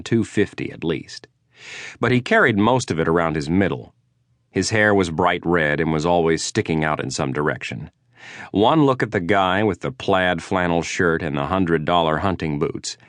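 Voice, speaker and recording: Deep male narrator, dry understated wry read, close studio mic, no room sound. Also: no room sound. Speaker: audiobook narrator. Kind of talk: first-person audiobook narration.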